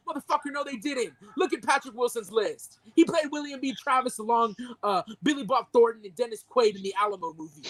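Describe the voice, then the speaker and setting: Young podcast co-host, indignant profane rant, mid-pitched voice, heated delivery. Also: a little fast, hardly any pauses, poor audio. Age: young adult. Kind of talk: ranting movie-review reaction.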